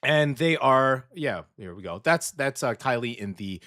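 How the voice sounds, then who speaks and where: A male radio host talking casually, chatty and relaxed, often tagging his sentences with "okay?". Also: mid-range voice, unhurried, no room sound, clean studio sound. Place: radio studio.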